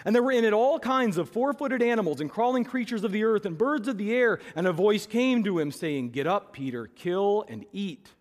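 Male preacher, high voice, emphatic sermon delivery with rhetorical questions, long church-hall reverb. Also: animated, fairly quick, hardly any pauses.

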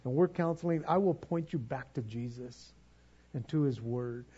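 A man's voice: medium pitch, normal speed, dark tone, husky, highs cut off. A man preaching a sermon as pastor, earnest and pleading, often stumbling over repeated words.

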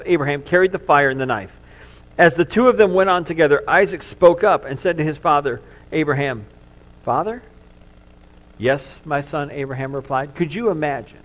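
A middle-aged man preaching, his voice sitting a little high for a man. He tells the story earnestly, pushing some lines out loudly and letting others sink to a hush. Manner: earnest storytelling, swings from loud to hushed. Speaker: pastor. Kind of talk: sermon.

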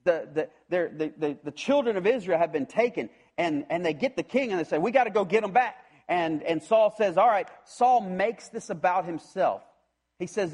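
A man preaching a sermon, retelling a scripture story in an animated way and acting out the voices of its characters. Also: sits high, normal speed. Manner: animated storytelling, acts out voices, frequent restarts. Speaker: pastor.

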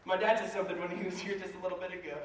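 A man preaching a sermon as a pastor, animated and joking, acting out voices as he goes. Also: high-pitched, racing, a little hiss or hum. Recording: echoey hall, mic far off.

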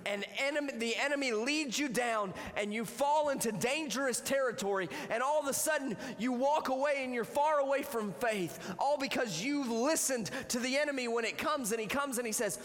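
A man preaching a youth sermon, emphatic and repetitive, working up to shouting. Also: extremely high pitch, animated, fairly quick, few pauses, big-room sound. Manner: emphatic, repeats phrases, builds to shouting. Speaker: youth pastor.

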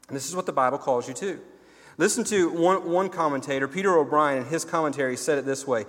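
A man's voice: fairly high pitch, brisk. A man preaching a sermon in an earnest way, often repeating and restarting his words. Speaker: pastor. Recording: long reverb in a large hall.

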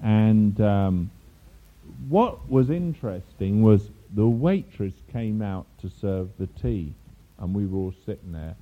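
With a low voice and a slow pace, an older English preacher tells an animated story during his sermon, laughing and slipping in asides. The sound is thin and phone-like.

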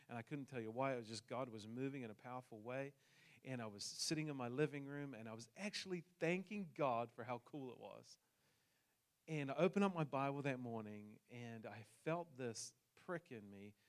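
A man's voice: medium pitch, clear, resonant tone. A man from New Zealand with a New Zealand accent, telling a personal story in a sermon with jokes for the congregation. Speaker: pastor.

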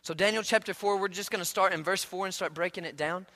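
A pastor with a high voice talks fast as he preaches a sermon in a relaxed, conversational storytelling style, often repeating words. The recording has a long reverb tail.

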